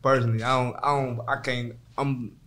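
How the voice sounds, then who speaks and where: A man's voice: mid-range voice, level tone, a little fast, sharp tone, slight background noise. A man hosting a podcast interview, with short agreeing replies and plain, easygoing questions. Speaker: podcast host. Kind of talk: casual interview talk.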